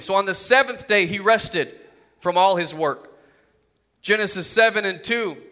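Guy preaching hard, high bright voice, lots of rhetorical questions, big hall echo. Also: a little hiss or hum. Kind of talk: sermon.

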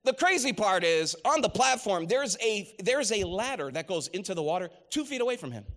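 A man's voice: sits high, sing-song, a little fast, a bit bright. A middle-aged man preaching a sermon, telling stories with rising emphasis and quoting scripture.

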